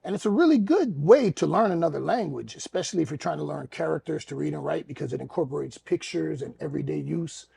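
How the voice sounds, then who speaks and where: A middle-aged man co-hosting a podcast, telling stories in casual chat, animated and swearing freely. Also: fairly high pitch, fast, vocal fry, hardly any pauses, slight background noise. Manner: animated, acts out quotes loudly, laughs, profanity. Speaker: podcast co-host, former wrestler.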